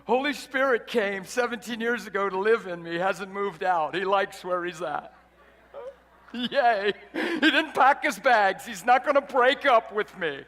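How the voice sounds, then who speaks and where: A man's voice: high-pitched, animated, a little slow, sharp tone. A man preaching a sermon in a large hall, exuberant and emphatic, often breaking into laughter. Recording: reverberant hall.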